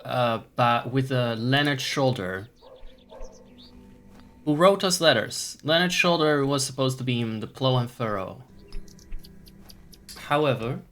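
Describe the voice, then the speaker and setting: A man's medium-pitched, somewhat bright voice narrates his stream of a puzzle adventure game. Chatting casually with his audience, he clowns around, riffs on words, and does goofy voices.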